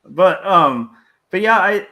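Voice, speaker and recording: A man's voice: sits high, animated, takes it slowly, pushed and bright. A man in a casual group chat, musing with lots of fillers.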